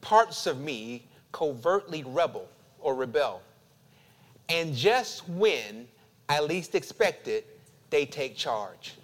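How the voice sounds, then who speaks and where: High, animated preaching man. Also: slow pace. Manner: emphatic preaching with dramatic repetition; drops to quiet, confessional tones. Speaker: pastor. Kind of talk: sermon.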